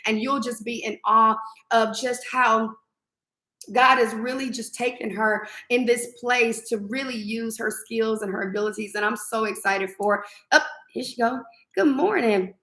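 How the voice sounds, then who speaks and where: A woman's voice: fairly high pitch, moderate pace, bright, forceful tone, echoey room. A woman hosting a faith-filled morning live stream, exuberant and preachy, breaking into song and affirmations. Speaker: host.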